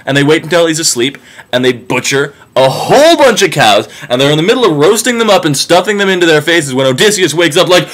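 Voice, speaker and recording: A man's voice: a little high, big pitch swings, fast talker, a bit bright. A man narrating a myth in a casual, sarcastic and profane comic retelling.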